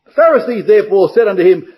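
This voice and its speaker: A man's voice: high-pitched, lively intonation, quick pace, dull audio. A man giving a verse-by-verse Bible study to a congregation, emphatic and full of rhetorical questions.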